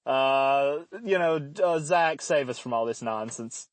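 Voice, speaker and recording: A man's voice: medium pitch, unhurried, no echo. A man hosting a casual sports podcast, joking and laughing often as he talks. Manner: laughs often, animated and jokey. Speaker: podcast host.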